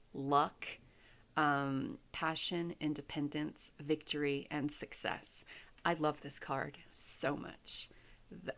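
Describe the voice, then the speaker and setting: A middle-aged woman giving a pick-a-card tarot reading, soft-spoken and unhurried, with frequent fillers. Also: sits low. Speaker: tarot reader.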